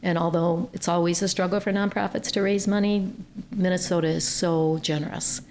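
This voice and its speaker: Woman, from Ohio, podcast guest, nonprofit CEO, low, gravelly, earnest storyteller. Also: fairly even intonation, moderate pace, darkish tone.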